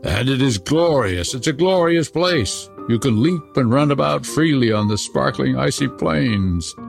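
A man voicing a gentle, talkative reindeer who speaks eagerly and wistfully. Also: mid-range voice, animated, measured pace, gravelly, over music, voice pushed up. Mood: longing.

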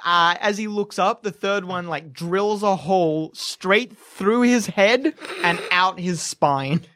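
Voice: mid-range voice, takes it slowly, fairly bright tone. A game master narrating a tabletop fight in gory, laughing detail, full of fillers. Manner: laughing, gory play-by-play with many "like"s.

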